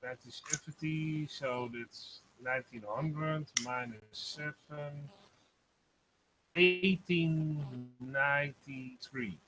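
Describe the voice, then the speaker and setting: A man's voice: on the high side, crowd noise, poor audio. Hesitant man chatting online. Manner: hesitant, halting, with many fillers. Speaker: hangout participant. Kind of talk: casual online hangout chat.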